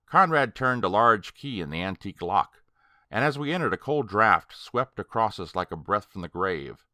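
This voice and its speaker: A man narrating a horror story audiobook in a slow, dramatic, deliberate way. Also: lowish voice, lively intonation, sharp tone, no echo, studio quality.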